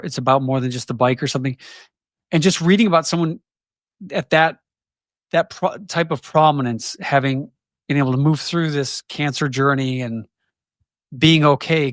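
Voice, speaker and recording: A man in his forties speaking candidly as an interview guest, reflective and halting, often restarting sentences. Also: mid-range voice, no echo, studio quality. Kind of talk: candid conversation.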